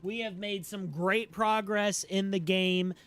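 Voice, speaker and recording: A man with a fairly high voice streams a game and chats loosely with his viewers. His talk is relaxed and full of slang, and he sounds sleepy. Faint noise sits behind his stream microphone. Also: slow. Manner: relaxed and slangy, talking to chat. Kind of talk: casual live-stream chat.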